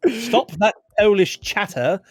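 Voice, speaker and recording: A man co-hosting a casual podcast, talking with animated passion and quoting film lines. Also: high voice, slow, no room sound, clean studio sound, faint music behind. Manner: animated, impassioned rants with quoted film lines. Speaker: podcast co-host.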